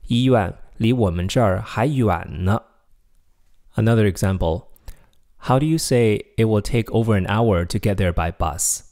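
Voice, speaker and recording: A man teaching a recorded video language lesson, slowing down to model example sentences clearly. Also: lowish voice, darkish tone.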